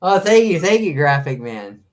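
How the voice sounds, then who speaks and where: A man guesting on a livestream, chatting casually in a halting way. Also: on the high side, very animated. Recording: roomy, away from the mic.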